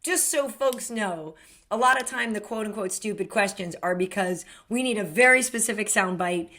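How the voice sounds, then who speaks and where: Bright-voiced woman hosting a chat. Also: mid-range voice, moderate pace. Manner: chatty, emphatic, laughs easily. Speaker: podcast host, sports anchor. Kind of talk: casual chat.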